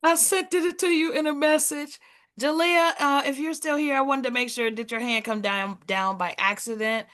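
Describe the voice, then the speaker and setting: A woman's voice: high-pitched, fairly even intonation, moderate pace, fairly bright tone. A woman co-hosting an open mic on a video call, chatty while organizing the lineup.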